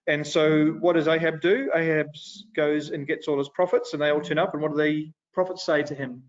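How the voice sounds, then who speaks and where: Man teaching an animated Bible class. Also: a little high, a little fast. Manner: animated and conversational, with dramatized retelling. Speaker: Sunday school teacher. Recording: dull lo-fi recording.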